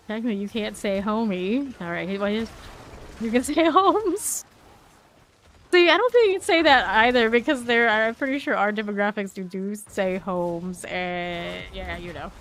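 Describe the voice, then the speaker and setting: Chatty woman streaming a game. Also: mid-range voice. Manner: chatty, laughs often, reads chat aloud. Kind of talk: casual gameplay chat. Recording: faint background noise.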